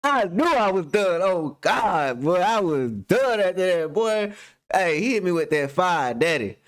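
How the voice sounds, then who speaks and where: A man's voice: high voice, sing-song, a little slow. A young man reacting to a clip with loose, slang-heavy commentary and a personal story, laughing often.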